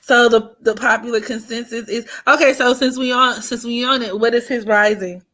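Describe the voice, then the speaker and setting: On her astrology livestream, a woman chats casually at a normal speed in a steady, sharp voice on the high side. She's playful and teasing, laughs frequently, and sometimes lowers her voice to a near-whisper.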